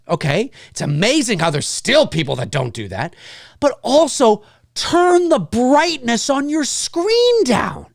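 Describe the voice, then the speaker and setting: A man in his forties hosting a live show, ranting casually and with exasperation, mimicking the shouts of others. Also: very high voice, dry recording, clean studio sound. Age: 40s. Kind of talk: casual live-stream rant.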